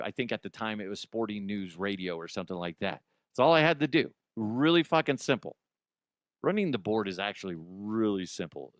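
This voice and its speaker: Profane, rambling middle-aged radio host. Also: male voice, fairly low pitch, no echo, clean studio sound. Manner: profane, self-deprecating, rambling. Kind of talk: casual comedic talk radio monologue.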